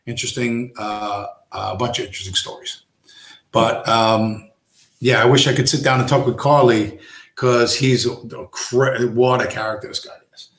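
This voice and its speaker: A man's voice: medium pitch, steady tone, moderate pace, a bit bright, reverberant. A man hosting a casual live stream, rambling through stories, swearing and acting out quoted lines. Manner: rambling storyteller, acts out quoted tough-guy lines, swears.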